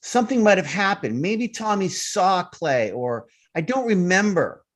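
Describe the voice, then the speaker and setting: A middle-aged man co-hosting a casual review podcast, emphatic and quick to react, swearing freely. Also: high-pitched, very animated. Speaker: podcast co-host, actor.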